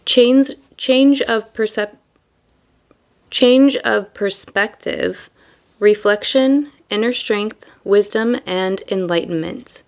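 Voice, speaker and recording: A young woman reading tarot and chatting casually, rambling and full of fillers between card meanings. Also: mid-range voice. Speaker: tarot reader.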